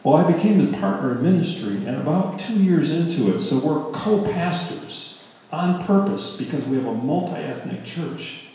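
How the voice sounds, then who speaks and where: A middle-aged male pastor telling a story in a sermon, in a conversational, animated way, correcting himself as he goes. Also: on the high side, moderate pace. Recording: very echoey hall, speaker far from mic.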